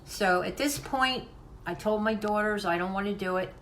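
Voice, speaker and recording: An older woman talks to her viewers at home in a heartfelt, rambling way, often stopping to restart a sentence. Her pitch is average, and a faint hum runs under the voice. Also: normal speed, fairly bright tone, low-quality recording. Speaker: craft channel host. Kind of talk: casual vlog talk to viewers.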